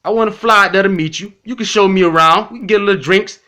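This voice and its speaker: Man, casual response video, blunt, repetitive, profane, bright tone. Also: high-pitched, fast. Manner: blunt, repetitive, profane, addresses critics directly. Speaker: YouTube commentator.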